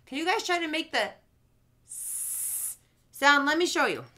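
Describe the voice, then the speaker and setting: A young woman teaching small children speech sounds through play, with slow, sing-song, exaggerated talk. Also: high voice, big pitch swings, sharp tone. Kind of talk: playful lesson for young kids. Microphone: camera in front, leaning close at times.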